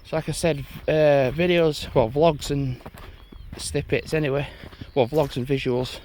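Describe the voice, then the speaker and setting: A man's voice: a little high, fairly even intonation, measured pace, darkish tone, a little hiss or hum. A young man, chatting casually and rambling as he walks a moorland path, swearing now and then. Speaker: vlogger. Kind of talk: casual walking vlog. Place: outdoors on a moorland footpath.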